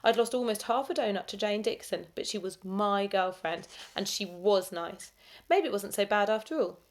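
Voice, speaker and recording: A woman teacher reads a children's story aloud at an ordinary pitch. She is expressive and lively in her storytelling, and she drops to a hushed whisper for the asides. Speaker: primary school teacher.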